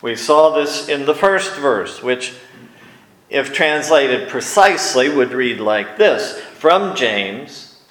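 Slow, deliberate man preaching in an echoey room. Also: mid-range voice, animated, a bit bright. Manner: slow, deliberate teaching delivery with emphatic pauses. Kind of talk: sermon.

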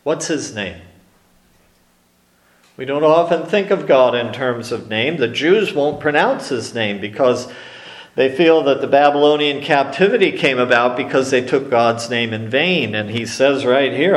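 A man preaching a sermon slowly and emphatically, with dramatic pauses on key words. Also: medium pitch, lively intonation, echoey room. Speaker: pastor.

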